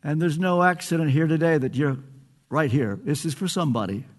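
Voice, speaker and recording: A man's voice: on the high side, animated, brisk. An older man preaching a sermon, earnest and pleading, stretching out phrases for emphasis.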